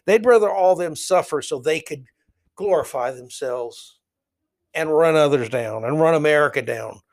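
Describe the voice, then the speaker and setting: A middle-aged man with a slightly high voice holds forth alone on his podcast. He rants bluntly and heatedly, wandering from story to story with strong opinions. His delivery is loose and conversational, never scripted. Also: moderate pace. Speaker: podcast host. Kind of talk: opinionated solo podcast monologue.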